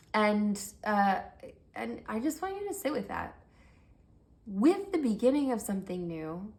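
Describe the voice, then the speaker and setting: A woman reading tarot cards for her viewers in a gentle, affirming voice. Her tone has a gravelly, fry-tinged texture at a mid pitch, and she often eases down to a near-whisper. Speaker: tarot reader. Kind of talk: pick-a-card tarot reading.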